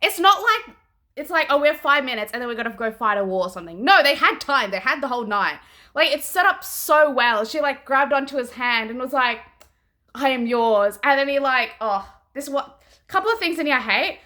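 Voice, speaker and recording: Young woman book reviewer, casual and blunt, high and very animated delivery. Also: brisk. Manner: animated and chatty, heavy use of "like"; frank, swears freely. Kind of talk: casual chat.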